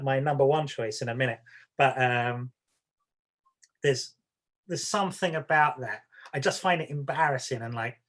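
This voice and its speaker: A man co-hosting a podcast, talking casually in a rambling, self-deprecating and wry way. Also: mid-range voice. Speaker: podcast co-host. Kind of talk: casual chat.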